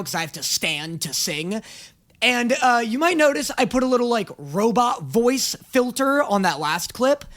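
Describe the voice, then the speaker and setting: Animated sarcastic man with a gravelly edge. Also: high-pitched. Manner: sarcastic, animated rants with sudden shouts. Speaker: YouTube reaction host. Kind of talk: comedic reaction commentary.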